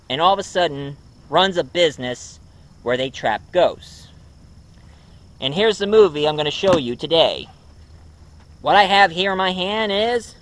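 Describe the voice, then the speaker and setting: A man's voice: a little high, a bit bright. A man casually reviewing a movie at home, rambling with many ums and uhs. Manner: rambling, full of ums and uhs, chuckles often.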